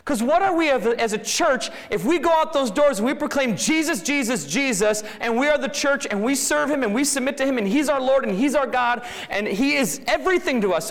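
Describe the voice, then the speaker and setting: A man's voice: extremely high pitch, fairly bright tone. A man preaching a sermon to his congregation, talking in a conversational way and rising to emphatic bursts. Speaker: pastor. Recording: reverberant hall.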